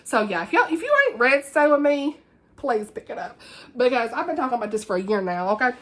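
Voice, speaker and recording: A woman's voice: on the high side, lively intonation, a little fast. A woman chatting casually about books she has read, gushing and giggly as she reviews them. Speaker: book vlogger. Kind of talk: casual book review chat.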